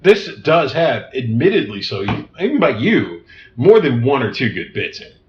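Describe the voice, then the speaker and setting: Animated man laughing through a film chat. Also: medium pitch, moderate pace, slight background noise. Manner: animated, laughs often, acts out scenes. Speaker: podcast co-host. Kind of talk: casual film review chat. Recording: echoey room, dull lo-fi sound.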